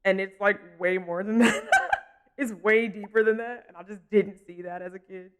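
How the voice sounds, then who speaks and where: Speaking at normal speed with a medium-pitched, clear and resonant voice and fairly even intonation, a young adult streamer narrates their gameplay casually. The talk is loose and chatty, hopping between subjects, full of easy laughter and breaks to answer chat.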